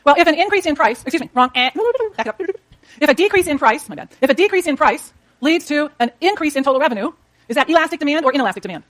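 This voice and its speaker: A middle-aged woman lecturing on economics at a very quick clip. Her voice sits a little high, and she walks the class through each graph as she draws it. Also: animated. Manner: brisk, explains while drawing graphs, talks to students.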